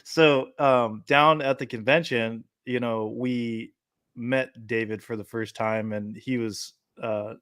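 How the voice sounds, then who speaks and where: Man, podcast host, casual chat, animated storyteller, laughs a lot. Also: mid-range voice, dry recording. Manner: animated storyteller, laughs often, acts out quotes.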